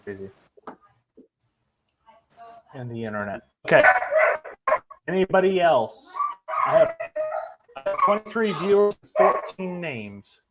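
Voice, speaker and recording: A man co-hosting a casual livestream, talking slowly and haltingly as he reads out viewer names over a weak home internet connection. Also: high-pitched, sing-song, very noisy. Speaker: co-host reading giveaway names. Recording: muffled lo-fi internet audio with faint music.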